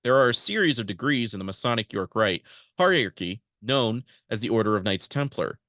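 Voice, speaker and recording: Man, podcast host, lowish voice, dry close sound, reads from notes, casual asides. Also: lively intonation, fairly quick, pushed and bright, no room sound. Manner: reads prepared text, breaks into casual asides to listeners. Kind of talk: podcast monologue read from notes.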